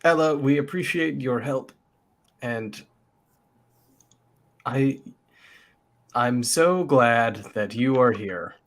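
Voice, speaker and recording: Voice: medium pitch, takes it slowly, pauses often. Wry, boastful tabletop player. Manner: boastful, wry, mock-worried. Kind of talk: in-character tabletop play.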